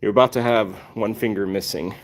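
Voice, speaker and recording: A man's voice: lowish voice, fairly even intonation, fairly quick, lightly acted, low-quality recording. A man voicing his grumpy male house cat, cranky and warning.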